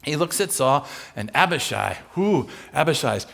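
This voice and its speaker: High-voiced animated male preacher. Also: creaky. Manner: acts out characters in quick asides, conversational and humorous. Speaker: guest speaker. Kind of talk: animated sermon storytelling.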